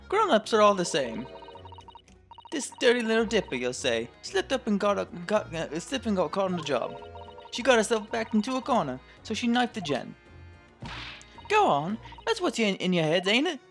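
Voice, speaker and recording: A man's voice: high voice, wildly swooping pitch, normal speed, a bit bright, soft background music, pitched above the performer's own voice, full character voice. A man voicing a cocky young female pickpocket. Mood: defiant. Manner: brash, defiant, slangy.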